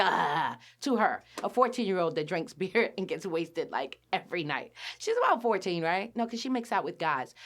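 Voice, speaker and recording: A woman with a lively, swooping voice recapping a cartoon episode for a podcast. She tells it like a story, acts out the characters' lines and laughs often. Her pitch sits mid-range but moves all over the place. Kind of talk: casual show recap.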